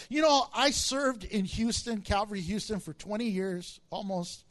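A man's voice: very high voice, moderate pace, few pauses. A man preaching as a pastor, telling stories with jokes and acting out quotes. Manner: animated storytelling with jokes and acted-out quotes. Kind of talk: sermon.

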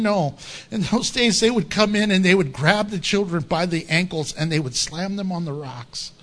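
A man's voice: high-pitched, moderate pace, fairly bright tone. A man preaching an expository sermon in an impassioned, emphatic, conversational way.

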